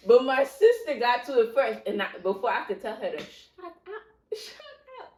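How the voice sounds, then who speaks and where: A woman telling a childhood story in casual chat, animated and laughing, acting out voices. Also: on the high side, moderate pace. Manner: animated, laughing, acts out voices in her stories. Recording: roomy echo.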